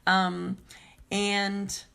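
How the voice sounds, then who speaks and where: Gravelly-voiced woman chatting on a live stream. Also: mid-range voice, completely flat delivery, very slow, sharp tone. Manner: rambling, chatty, many filler ums. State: scratchy voice. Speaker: craft demonstrator hosting a live stream. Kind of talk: casual live-stream chat.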